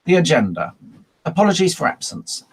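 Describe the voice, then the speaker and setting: A man's voice: a little high, big pitch swings, fairly quick, slightly rough. A man chairing a formal council meeting over a video call, working through procedure with frequent ums and uhs.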